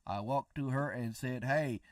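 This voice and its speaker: A man voicing a dim, slow-talking reader who stumbles through a clumsy ghost story, drawling with bungled grammar. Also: medium pitch, dry recording, recorded from a distance, lightly acted. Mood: mock-soothing.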